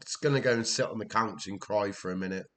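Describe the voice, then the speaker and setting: A man's voice: fairly low pitch, fast. Welsh man, gameplay commentator, exasperated, swears, talks to himself. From Wales.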